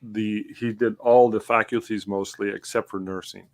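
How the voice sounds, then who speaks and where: A man with a fairly low voice hosts a loose, casual chat over a video call. He jokes and teases his co-host as they talk shop. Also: steady tone, moderate pace. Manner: joking, teasing. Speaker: podcast host.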